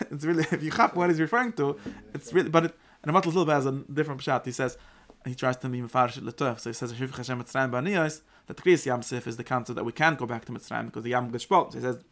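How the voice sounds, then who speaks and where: A man teaching an informal Torah class, lively and acting out the verses. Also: medium pitch, fast talker. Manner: animated, acts out the verse in God's voice.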